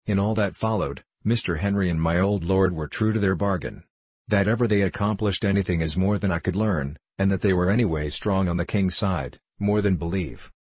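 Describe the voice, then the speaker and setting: A man narrating a classic novel in a measured, storytelling way. His voice is very deep and husky, and the recording is close and dry. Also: a little mellow, no echo. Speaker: audiobook reader.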